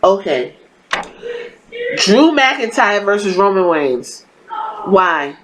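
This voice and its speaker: A woman's voice: mid-range voice, big pitch swings, slow pace, background noise. A woman hosting a podcast, giving a casual wrestling review in a blunt, profane, exasperated and sarcastic rant. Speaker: podcast host.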